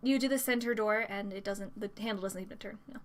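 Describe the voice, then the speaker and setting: A woman's voice: medium pitch, fast. A woman narrating a tabletop game as dungeon master, describing scenes with frequent fillers.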